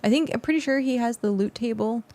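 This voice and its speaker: A woman's voice: fairly high pitch, fast talker, darkish tone. A young adult woman streamer chatting casually with her viewers on a close mic, rambling with lots of fillers. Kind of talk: casual livestream chat with viewers.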